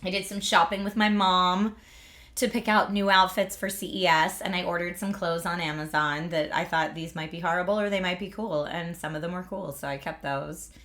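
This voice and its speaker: A woman's voice: lowish voice, steady tone, moderate pace, fairly bright tone. A woman in her thirties from Pennsylvania hosting a livestream, chatting casually, laughing often and filling with "like". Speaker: livestream host.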